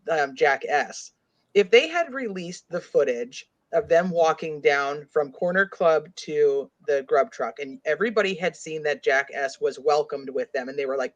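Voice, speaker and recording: A woman hosting a casual true-crime discussion, rambling with lots of "like" while reading comments aloud. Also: low voice. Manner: rambling, heavy use of "like". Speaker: host. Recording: dull lo-fi audio.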